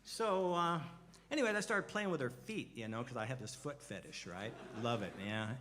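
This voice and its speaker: A man's voice: medium pitch, animated, normal speed. An older man, a musician on a festival stage, telling a meandering, profane anecdote in a casual way. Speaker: musician and storyteller. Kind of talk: rambling onstage anecdote. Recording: loud music behind the voice. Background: loud music.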